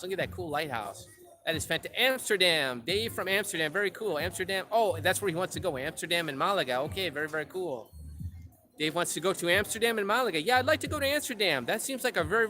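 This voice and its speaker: A high, bright-voiced man talks on a live stream outdoors at a port, speaking into a handheld phone. He is upbeat and effusive, greeting and thanking his viewers again and again. A faint outdoor ambience sits behind him. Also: slight background noise. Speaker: travel vlogger hosting a live chat.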